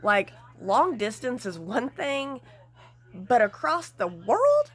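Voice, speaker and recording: A woman vlogger giving casual, gossipy commentary, animated and frank with some mild swearing. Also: a little high, takes it slowly, breathy edge.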